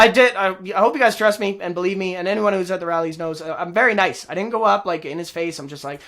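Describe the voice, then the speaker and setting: A man's voice: high-pitched, quick pace, few pauses, fairly bright tone. A man hosting his own vlog, talking casually and rambling, repeating himself and laughing often. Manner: rambling, repetitive, frequent laughs. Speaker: host.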